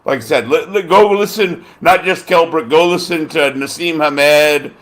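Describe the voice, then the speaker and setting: A man's voice: a little high, normal speed, a bit bright. This is a man hosting a loose, casual talk show in a slightly raised voice. He rambles and swears freely. He keeps losing names and filling the gaps with ums and uhs. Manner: rambling and profane, gropes for names with many fillers. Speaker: podcast host. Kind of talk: casual chat.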